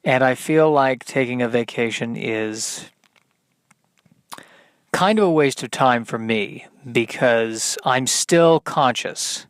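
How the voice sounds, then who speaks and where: A man hosting a solo podcast, rambling through deadpan, self-deprecating asides. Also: mid-range voice, slow, clean tone, dry recording. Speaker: podcast host. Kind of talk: solo comedic monologue.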